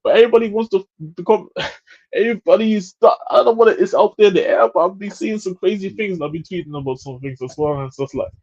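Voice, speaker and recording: A man's voice: high voice, fast, a little mellow, lo-fi sound. A young man, chatting casually as a podcast co-host, laughing often and repeating himself. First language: German. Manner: laughs a lot, repeats "bro". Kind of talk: casual banter.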